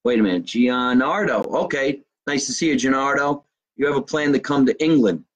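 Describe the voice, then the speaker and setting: A middle-aged comedian from Jersey City talks in a thick New Jersey accent, loose and profane as he riffs on fan messages during a live stream. His voice is a little husky and sits at an ordinary pitch. He slows right down whenever he spells out contact details. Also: lo-fi sound. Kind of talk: casual live-stream chat reading fan comments.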